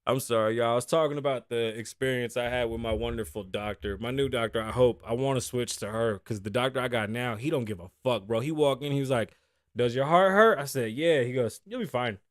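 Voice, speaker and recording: Talking fast with few pauses, a young podcast host in his home studio has a steady, mid-range voice. His casual, joking chat is full of profanity, and he mimics the people in his stories, captured live on a studio microphone without echo.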